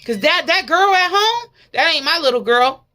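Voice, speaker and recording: A woman preacher playing a desperate mother who pleads loudly and insistently for her possessed child. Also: very high voice, lively intonation, a little slow, voice pushed up, exaggerated voice. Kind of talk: sermon.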